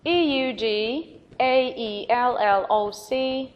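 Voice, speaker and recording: A fairly high-pitched woman teacher with an Arabic accent walks students through English vocabulary. She spells words letter by letter, repeats them slowly and praises warmly. A faint hiss sits under her voice. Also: lo-fi sound. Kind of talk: recorded vocabulary lesson.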